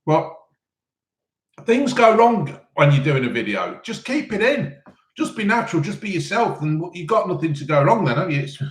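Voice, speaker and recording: A man chatting casually on a live stream, eating and answering chat questions in a rambling way full of ums. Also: mid-range voice. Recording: roomy echo.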